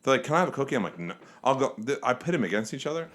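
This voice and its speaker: A man from Nantucket, a comedian guest telling joking deadpan stories in a casual podcast chat. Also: mid-range voice, racing, a little hiss or hum. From Nantucket, United States. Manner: joking, deadpan storytelling with laughs.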